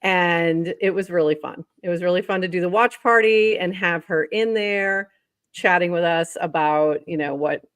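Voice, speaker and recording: A woman co-hosts a casual livestream, cheerful and laughing often as she runs through the morning's news. Her voice sits a little low for a woman. The sound is dry and close, with no room around it. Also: moderate pace, a bit bright, clean tone, dry recording. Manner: upbeat, laughs often, reads news items. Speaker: co-host.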